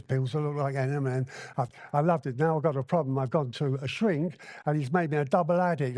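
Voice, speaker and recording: A man's voice: medium pitch, a little mellow, no room sound. A man sharing his recovery story at a convention, telling it bluntly and candidly and acting out the dialogue. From Hong Kong. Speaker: recovery meeting speaker. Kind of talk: personal recovery share at a convention. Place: convention hall.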